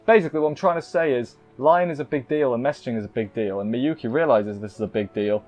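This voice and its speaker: A man's voice: medium pitch, quick pace, a little mellow, soft background music. A man casually recapping an anime episode, rambling and cutting himself off with playful asides. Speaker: anime reviewer.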